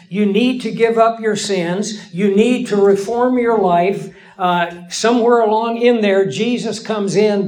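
A man lecturing a Bible class in a measured, explanatory way, with emphatic pauses. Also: high voice, a little mellow, low-quality recording. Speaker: Bible teacher.

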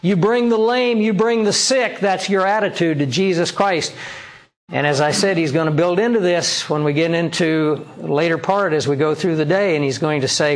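A man's voice: a little high, moderate pace. A male pastor preaching a sermon, reading scripture aloud and pressing the congregation with rhetorical questions. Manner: reads scripture aloud and explains it.

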